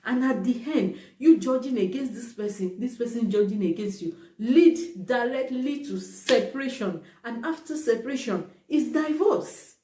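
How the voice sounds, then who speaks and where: Woman vlogger, warm low-key timbre, emphatic, echoey room recording. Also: normal speed, hardly any pauses. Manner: emphatic, repeats points for stress. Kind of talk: casual talk to camera. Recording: roomy, distant from the mic.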